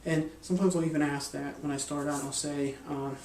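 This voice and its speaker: A man's voice: fairly high pitch, fairly even intonation, fairly quick, darkish tone, echoey room, recorded from a distance, a little hiss or hum. A man explaining a mind-reading card technique in a loose, rambling way, with lots of fillers and restarts. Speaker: magic and hypnosis instructor. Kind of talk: casual instructional explanation.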